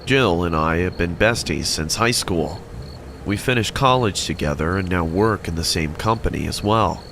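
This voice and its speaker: A man narrating a scripted horror story in an even, measured way. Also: deep voice, gravelly, slight background noise.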